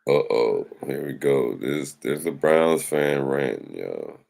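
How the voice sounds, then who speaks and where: A man hosts a casual sports talk livestream, addressing his viewers loosely as y'all. His voice sits extremely low with a rough, gravelly fry. He speaks slowly and unhurriedly. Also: lively intonation, darkish tone. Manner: loose, chatty, talks to the audience as y'all. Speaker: sports show host.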